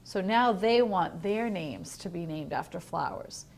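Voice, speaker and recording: A woman teacher reading a picture book aloud to young children in a home learning video, gentle and asking the listener questions. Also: lowish voice, lively intonation, unhurried, gravelly, slight background noise. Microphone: home video recording.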